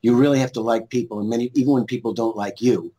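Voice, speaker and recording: A man's voice: medium pitch, steady tone, fast talker, dark tone. Chatty middle-aged male guest. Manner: storytelling, chatty, laughs easily. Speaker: podcast guest, lawyer, musician and actor. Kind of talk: casual interview chat.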